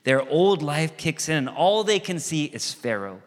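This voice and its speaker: A man preaching a sermon as pastor, animated and conversational, acting out quoted voices and asides. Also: fairly high pitch, moderate pace. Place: church sanctuary. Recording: long reverb of a church hall.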